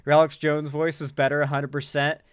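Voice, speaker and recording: Guy doing sarcastic commentary, kinda high voice, smooth and clear, dry mic. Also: monotone, fairly quick, no room sound. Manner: sarcastic, rambling with lots of "like". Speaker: host. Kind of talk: casual political commentary. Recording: dry close-miked room.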